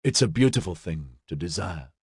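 Narrator doing a soft calm guy reassuring her, low husky voice, dry sound. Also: normal speed, no room sound, exaggerated voice. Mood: tender. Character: gentle, steadfast man comforting his love.

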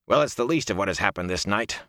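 A gruff soldier commander, angry and eager for a fight, growling low, as a male narrator puts him on. The voice is deep and sits close and dry on the mic. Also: lively intonation, fast, a bit bright, dry recording.

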